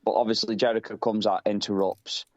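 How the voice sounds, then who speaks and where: A man's voice: on the low side, little pitch movement, brisk, muffled recording. Sweary British man, chatty. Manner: swears a lot, rambling, laughs easily. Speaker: podcast co-host. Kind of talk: casual chat.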